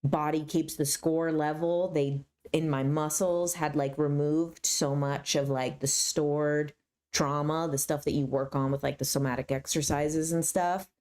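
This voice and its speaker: A woman's voice: deep voice, measured pace. A woman in her thirties, a YouTuber telling stories casually to camera and acting out other people's lines. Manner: animated, acts out her mom's voice mid-story.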